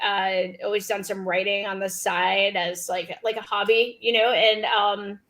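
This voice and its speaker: A woman's voice: mid-range voice, little pitch movement, measured pace, a bit bright. A woman guest on a podcast, chatting casually in a bubbly, self-deprecating way. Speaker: podcast guest, food blogger. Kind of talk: casual chat.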